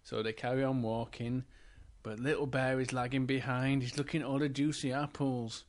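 A man telling a children's story, gentle and encouraging, asking the children questions. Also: medium pitch, level tone, moderate pace.

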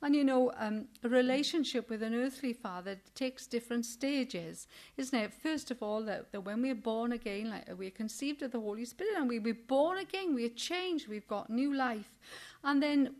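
A woman's voice: a little high, normal speed, darkish tone. An older woman leading a Bible study in an earnest, chatty sermon style, often ending her points with tag questions and acting out indignant quotes with animation. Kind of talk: informal sermon.

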